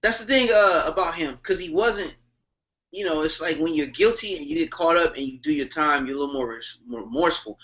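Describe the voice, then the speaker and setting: Lively guy on a podcast, high bright voice, swoops all over, kinda muffled lo-fi sound. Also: brisk. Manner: animated, storytelling, swings up in pitch when emphatic. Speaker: podcast co-host. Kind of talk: casual sports chat.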